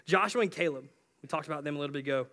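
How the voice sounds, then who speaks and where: Young man, youth preacher, casual chatty sermon, high-pitched, bright tone. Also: rapid-fire. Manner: relaxed, chatty, with frequent restarts and slang.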